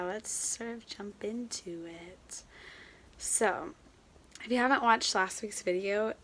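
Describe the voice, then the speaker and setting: Hoarse young woman vlogging, gravelly. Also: medium pitch, slight background noise. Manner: many filler ums, soft drop to near-whisper at times. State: hoarse, recovering from a cold. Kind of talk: casual vlog talk. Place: home in Seoul.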